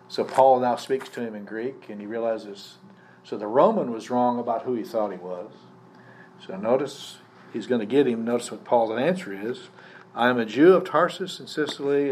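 A man's voice: medium pitch, a little mellow. Male pastor teaching a live sermon. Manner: conversational teaching, poses questions to the congregation. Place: church service. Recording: faint background noise from a live service.

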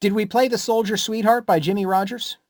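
A man's voice: high voice, steady tone, brisk, no room sound, clean studio sound. A man co-hosting a casual chat, explaining history in an informative way and introducing songs. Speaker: co-host.

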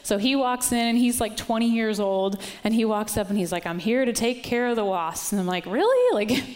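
A woman's voice: a little high, fairly quick. A woman worship leader giving a sermon, telling a personal story in a chatty way with lots of "like" and some laughs. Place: church sanctuary. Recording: long reverb of a church hall.

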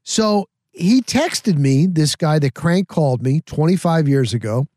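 Male podcast host, a bit higher voice, animated rambling storyteller, dry close-mic sound. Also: unhurried, no room sound. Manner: rambling, animated, repeats himself. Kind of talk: casual storytelling.

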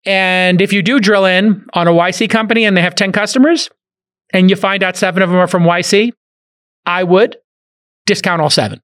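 A man's voice: high voice, brisk. A man from Brooklyn hosting a podcast, chatting casually and telling stories with jokey asides. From Brooklyn, New York. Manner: animated, jokey storytelling with frequent asides. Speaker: podcast host. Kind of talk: casual business podcast chat.

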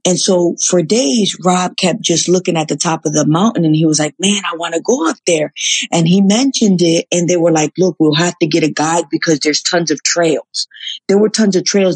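Husky woman telling a lively story. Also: lowish voice. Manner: animated, swears casually, acts out quotes. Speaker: guest, former reality show contestant. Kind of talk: casual storytelling interview.

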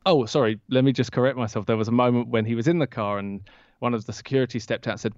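A man, a podcast guest and author, telling an anecdote in an interview and acting out the quoted lines with lively jumps in his voice. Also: medium pitch, quick pace, dry recording. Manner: lively storyteller who acts out quoted lines. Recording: dull lo-fi dry sound.

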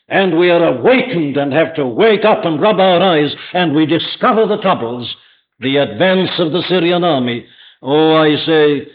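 A man with a slightly high voice preaches an evening sermon in a church before a congregation, emphatic and full of rhetorical questions. It comes from a dull lo-fi archive sermon recording.

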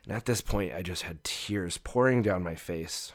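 Really deep voiced guy on a podcast, earnest, telling his story. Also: normal speed, hardly any pauses. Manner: earnest, reflective. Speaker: podcast guest. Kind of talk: personal storytelling in conversation.

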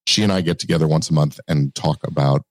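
A man with a very low voice answers interview questions in a relaxed, measured way and hesitates now and then. His audio is dry and slightly distorted. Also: no room sound. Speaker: guest, entertainment lawyer.

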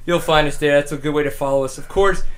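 A man's voice: a little high, steady tone, quick pace. A young adult man with a Texan accent hosting a dirt-bike show wrap-up, out of breath, joking and flustered. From Texas. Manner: joking, flustered, laughing between phrases. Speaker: podcast host. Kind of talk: casual show wrap-up chat.

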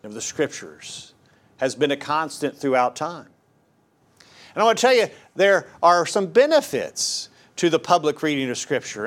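A middle-aged man preaching a sermon in an earnest, emphatic way, often repeating his key phrases. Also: fairly high pitch.

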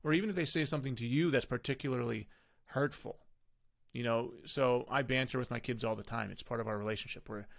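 A man's voice: mid-range voice, gravelly, fairly bright tone. A man hosting a parenting podcast in a casual, conversational way, often restarting his sentences. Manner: conversational, with frequent fillers and self-corrections. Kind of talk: casual solo podcast talk.

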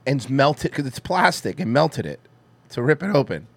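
A man's voice: medium pitch, sing-song, moderate pace, vocal fry, fairly bright tone, no room sound. A man hosting a podcast, commenting on videos with casual, profane sarcasm. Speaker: podcast host.

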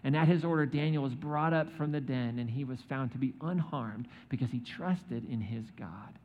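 Speaking at normal speed in a medium-pitched voice, a pastor preaches by retelling a scripture story, joking in asides and acting out the quotes. The recording is dull, with a hall's echo.

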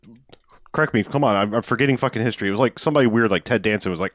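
A man with a lowish voice, cracking sarcastic jokes and swearing casually as a podcast co-host. His delivery is loose and wry. The recording is dry and close. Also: rapid-fire, fairly bright tone, no room sound. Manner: sarcastic, joking, profane. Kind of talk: casual banter.

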